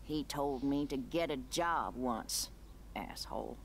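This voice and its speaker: An actress voicing a gruff, street-wise homeless woman in a video game, talking bluntly. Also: very deep voice, slow, slight background noise, heavily acted.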